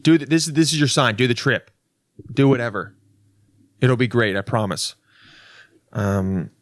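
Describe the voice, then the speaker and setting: A comedian hosts a casual solo podcast in a medium-pitched voice, recorded in a clean studio with no room sound. He rambles, interrupts himself and restarts his sentences often, tossing in profane, wry asides.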